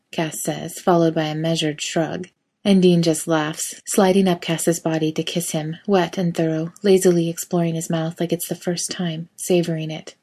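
A woman narrating a fan fiction story in a steady, intimate reading voice. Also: lowish voice, moderate pace, husky.

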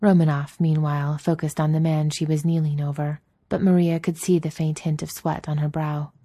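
A woman narrating a story as an audiobook reader, in a steady, even storytelling manner. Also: low voice, moderate pace, dry recording. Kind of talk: narrating a fan fiction story.

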